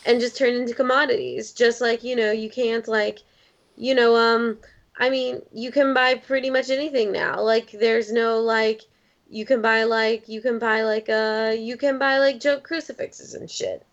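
A woman's voice: on the high side, level tone, moderate pace, lo-fi sound. A woman in casual podcast chat, talking in long rambling runs full of "like". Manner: rambling, heavy use of "like".

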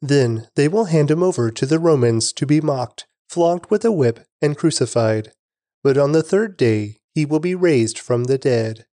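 A man reading the lines of Jesus, a calm adult male teacher, in an even, earnest scripture reading. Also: on the high side, normal speed, no room sound, clean studio sound, lightly acted.

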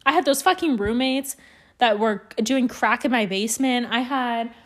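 A woman's voice: fairly high pitch, moderate pace, a bit bright. A young woman from Canada telling rambling stories on her solo podcast, swearing often and poking fun at herself. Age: young adult. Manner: rambling, swears a lot, self-deprecating. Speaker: podcast host. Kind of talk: casual solo podcast storytelling.

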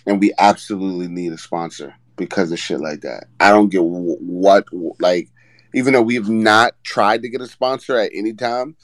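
A man's voice: on the low side, no room sound, poor audio. A man hosting a casual sports podcast, talking loosely with lots of restarts and swearing. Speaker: podcast host.

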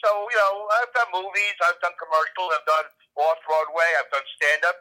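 A man's voice: a little high, a little fast, pushed and bright. A man talking by phone from his car, a self-deprecating joker who halts with many ums. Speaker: podcast guest. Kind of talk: casual chat. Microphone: phone headset. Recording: tinny phone line.

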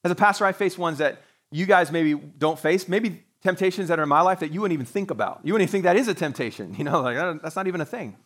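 A man's voice: on the high side, lively intonation, fast talker, hardly any pauses, a bit bright. A man preaching a sermon to his congregation as pastor, talking in a conversational way with joking asides. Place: church sanctuary, live-streamed service.

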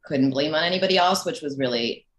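A woman's voice: low voice, fast, roomy sound, slight background noise. A woman in her thirties, a podcast guest talking candidly with self-deprecating humor and casual swearing. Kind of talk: casual chat.

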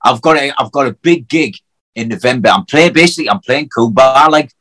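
A man from Hartlepool with a North East England accent, an acoustic singer-songwriter, chats casually in a mid-range, expressive, slightly bright voice. He talks fast, swears freely and uses lots of fillers, and the audio quality is poor.

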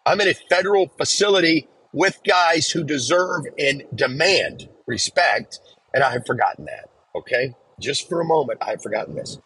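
Man with a very husky voice. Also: fairly high pitch, expressive, bright, forceful tone, low-quality recording. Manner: reflective, measured, acts out quoted lines. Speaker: podcast host telling a prison story. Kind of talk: casual storytelling.

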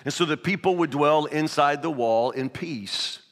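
The preacher's voice is a little high and unhurried as he reads scripture aloud during his sermon, then shifts into a loosely told, repetitive children's fable. He is a pastor, and the recording has the long reverb of a hall.

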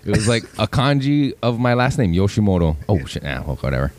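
A man's voice: lowish voice, sing-song, brisk, darkish tone. A man hosting a casual weed podcast, telling a long story in a laid-back, profane way. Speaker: podcast host. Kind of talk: casual stoner chat.

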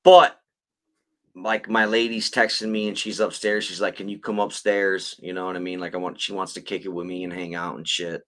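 A man's voice: sits low, little pitch movement, brisk, fairly bright tone. A man hosting a podcast, talking casually and bluntly with a lot of swearing. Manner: blunt, profane, emotional. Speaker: podcast host.

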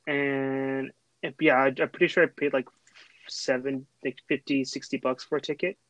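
A man's voice: medium pitch, flat delivery, normal speed, a bit bright, no room sound, poor audio. A young man from Texas, hosting a casual chat and telling a long, rambling story full of fillers and restarts. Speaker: host.

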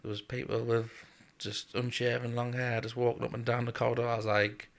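A man's voice: medium pitch, flat delivery, a little fast, creaky. A man telling a story from his service days in a podcast chat, blunt and swearing freely, often laughing as he talks. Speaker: guest, former RAF serviceman.

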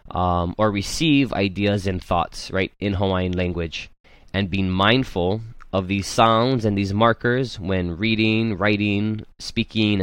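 A man with a lowish voice teaching a language class, slow and careful, sounding each vowel aloud for his students. The recording is dry and close. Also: smooth, no room sound. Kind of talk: patient classroom instruction.

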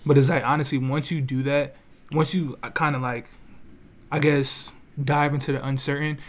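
A man's voice: medium pitch, normal speed. A man with a mid-range voice talks casually on a podcast. His phrasing is loose and slangy, and he often restarts and checks in with his listeners. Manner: relaxed slangy talk with restarts and "you feel me". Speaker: podcast co-host.

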